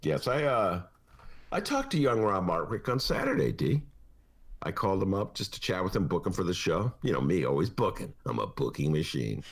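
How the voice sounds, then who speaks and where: A man's voice: low voice, very animated, moderate pace, slightly rough. A man hosting a political talk podcast in a studio, sarcastic and mocking in his banter. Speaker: podcast host. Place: radio studio.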